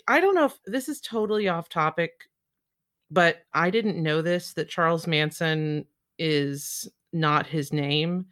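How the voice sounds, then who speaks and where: A woman with a slightly low voice co-hosts a movie podcast. She chats casually, with enthusiasm and free swearing. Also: a bit bright. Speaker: podcast co-host. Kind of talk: casual chat about movies.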